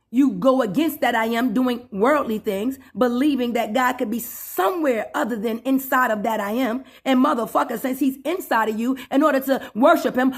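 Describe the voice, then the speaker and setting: Preachy, profane woman with a higher voice. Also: gravelly, husky. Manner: preachy and profane, calls listener 'boo' and 'my friend'; drawn-out emphatic phrasing with sudden loud outbursts. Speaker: self-styled spiritual preacher. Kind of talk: satirical sermon-style rant to camera.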